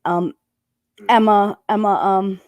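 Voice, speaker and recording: A woman's voice: mid-range voice, steady tone, slow, darkish tone, no echo. Woman chatting with her mouth full, laughs a lot, dry close mic. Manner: talking while eating, laughing often. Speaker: channel host. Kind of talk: casual chat.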